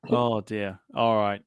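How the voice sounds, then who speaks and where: A man's voice: lowish voice, smooth, no echo, studio quality. A man hosting a casual aviation podcast, reading out live chat comments in a jokey way and laughing often. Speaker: podcast host.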